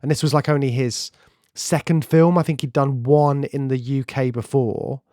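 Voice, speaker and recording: Man, podcast co-host, enthusiastic film chat, middle pitch, dry close recording. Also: steady tone, moderate pace, a little mellow, no room sound. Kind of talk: casual film discussion.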